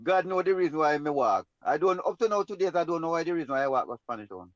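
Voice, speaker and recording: A man's voice: on the high side, expressive, quick pace, no room sound, dull audio. A man with a Jamaican accent telling a personal story in an emphatic, rambling way in patois. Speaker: guest storyteller.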